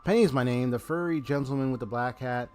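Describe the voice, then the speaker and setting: A man's voice: medium pitch, quick pace, darkish tone, natural voice. A man reading as a cheerful little girl host. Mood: chatty. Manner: reads game dialogue aloud in a plain voice, stumbling now and then.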